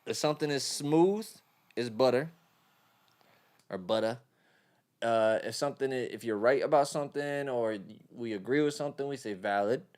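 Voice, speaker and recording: A man's voice: mid-range voice, normal speed, a little mellow. Casual New York man on a live stream. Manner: loose, swears freely, chats with viewers. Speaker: mixing engineer streaming live. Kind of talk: casual livestream chat.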